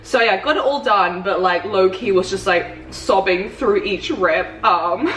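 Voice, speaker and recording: A woman's voice: mid-range voice, a little slow, a bit bright, slight background noise. A young woman, a fitness coach, chatting casually in a vlog and telling stories packed with "like". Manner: chatty storytelling, full of "like". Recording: roomy, distant, faint ambience.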